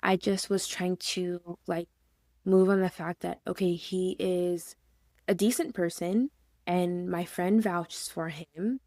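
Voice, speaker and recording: A woman's voice: lowish voice, steady tone, slow, mellow, no echo, clean studio sound. A woman in casual podcast chat, telling a personal story and acting out what she once said. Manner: storytelling, acts out her own past words.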